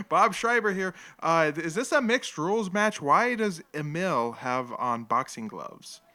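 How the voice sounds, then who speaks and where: A man's voice: fairly high pitch, animated, measured pace, sharp tone. A man hosting a live stream, casually commenting on an old fight with jokes, rambling asides and frequent laughter. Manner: rambling, joking, laughs often. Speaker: livestream host.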